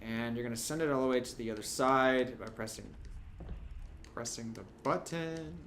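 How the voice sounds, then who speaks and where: A young man commentating a video game playthrough, chatty and jokey, with sudden loud yelps. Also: medium pitch, moderate pace, noisy background. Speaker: gameplay commentator. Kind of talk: let's play commentary.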